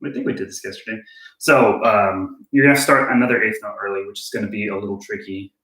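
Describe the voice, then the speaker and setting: A man with a fairly low voice talks fast while giving a casual drum lesson, relaxed and thinking aloud, joking self-deprecatingly about his own mistakes. He's in a room with a drum kit and click track, and the roomy recording picks up drumming, clicks, and background noise.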